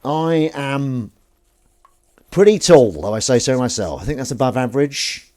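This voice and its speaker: Young male stream host, casual chat, animated delivery. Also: mid-range voice, unhurried. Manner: chatty, self-mocking, reads chat aloud. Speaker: livestream host. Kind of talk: casual chat while washing up.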